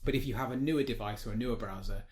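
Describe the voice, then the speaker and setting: Male podcast co-host, chatty casual talk, mid-pitched voice. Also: racing, a little mellow. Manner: chatty, thinking aloud, trailing off. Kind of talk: casual chat.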